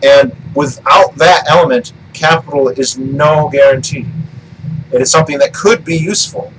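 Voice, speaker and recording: A man's voice: on the high side, normal speed, a little hiss or hum, poor audio. A man talking through an argument off the cuff, rambling, restarting sentences and swearing now and then. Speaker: political commentary vlogger. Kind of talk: casual monologue.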